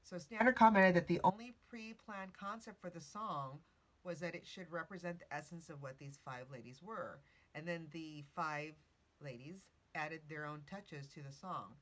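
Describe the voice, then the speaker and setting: A woman's voice: low-pitched, normal speed. A woman hosting a casual podcast. She tells a story while reading from notes, correcting herself and adding chatty asides. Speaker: podcast host.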